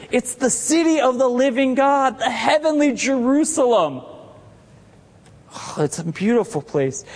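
High-voiced preaching man in reverberant hall. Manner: joking, teases congregation members by name; builds to emphatic shouted declarations. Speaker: pastor. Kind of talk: sermon. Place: church sanctuary with congregation.

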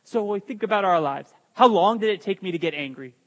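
A man preaches with a high, emphatic voice, turning to the congregation now and then with a joking aside. His words ring out with a long reverb, as if he is in a big church hall. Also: lively intonation, fast talker, a bit bright. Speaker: pastor. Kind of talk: sermon.

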